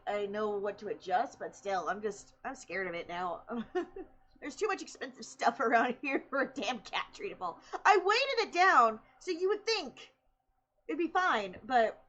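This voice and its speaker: A woman's voice: high-pitched, muffled recording. A young woman streamer in casual chat, chatty and laughing often as she tells stories.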